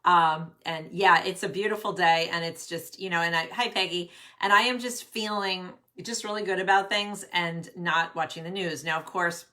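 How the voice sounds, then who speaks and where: A woman's voice: lowish voice, fairly even intonation, moderate pace, sharp tone. A middle-aged woman coaching careers on a casual live stream, bubbly and chatty, greeting viewers by name. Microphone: webcam at desk.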